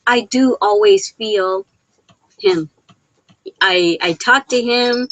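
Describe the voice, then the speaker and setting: A woman's voice: fairly high pitch, takes it slowly, a bit bright, poor audio. A middle-aged woman hosting a casual live stream from home over a laptop mic, reading viewer comments, laughing often and sounding teary, close to crying. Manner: giggly, laughs often between sentences. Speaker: live Q&A host. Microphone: laptop microphone.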